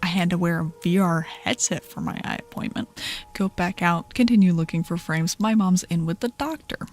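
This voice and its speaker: A young adult woman streamer telling a story in casual chat, animated and profane, often laughing. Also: on the low side, normal speed, soft background music.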